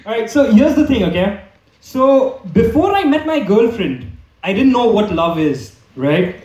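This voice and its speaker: Man doing stand-up, high voice, lively and bouncy pitch, rambling with fillers, echoey club from a distance. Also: a little slow, muffled recording. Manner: rambling, lots of fillers and restarts. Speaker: stand-up comedian. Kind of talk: stand-up comedy set. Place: comedy club stage with audience. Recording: echoey room, mic far off. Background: audience laughter.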